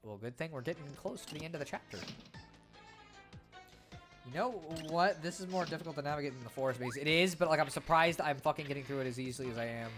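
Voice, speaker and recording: A woman's voice: sits low, music in the background. A young adult woman streaming a video game, talking casually and swearing freely. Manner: profane, quick, chatty. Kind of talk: casual gameplay commentary.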